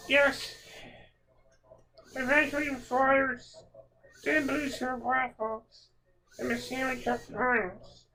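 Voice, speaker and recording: A woman's voice: high-pitched, little pitch movement, slow pace, pauses often, noisy background. A woman hosting a podcast, talking in an emotional, heartfelt way and repeating words for emphasis. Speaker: podcast host. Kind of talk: reflective podcast monologue.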